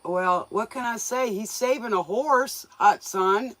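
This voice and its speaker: A woman's voice: on the high side, a little slow, a bit bright, no echo. Folksy joking woman livestream host. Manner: folksy, joking, laughs often; scolds viewers playfully. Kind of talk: casual livestream chat with viewers.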